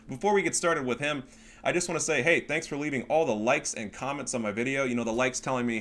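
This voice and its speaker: A man chatting casually over a strategy game match, crude and joking. His voice is bright and forceful, sitting at a middle pitch. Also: brisk. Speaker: gameplay commentator.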